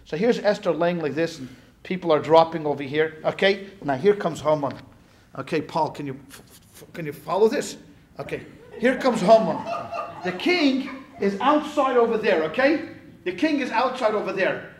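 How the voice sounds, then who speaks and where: A man, a rabbi, teaching a class in a lively, joking storytelling lecture, talking straight to his listeners. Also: high voice, moderate pace, crowd noise.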